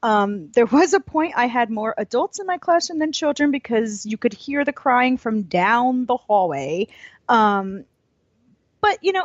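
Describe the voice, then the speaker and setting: A woman early childhood educator co-hosting a podcast, chatting casually with quick laughs. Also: high-pitched, no room sound. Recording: slightly dull lo-fi sound.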